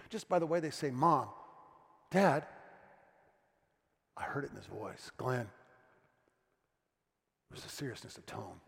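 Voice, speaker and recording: A man preaching a sermon as a pastor, telling stories and dropping to a hushed tone for serious moments. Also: a little high, vocal fry. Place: church sanctuary. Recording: long church reverb.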